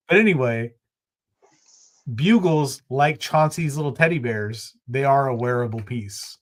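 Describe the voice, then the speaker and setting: A man's voice: medium pitch, moderate pace. A man co-hosting a podcast in casual chat, telling anecdotes and acting out the quotes. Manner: animated storyteller acting out quotes. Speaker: podcast co-host.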